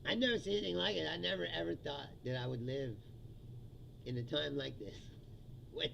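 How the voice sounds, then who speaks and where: A man's voice: fairly high pitch, brisk, gravelly, a bit bright, a little hiss or hum. A man in his fifties, a comedian hosting a profane, ranting comedy livestream and laughing often. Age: 50s. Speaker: comedian host.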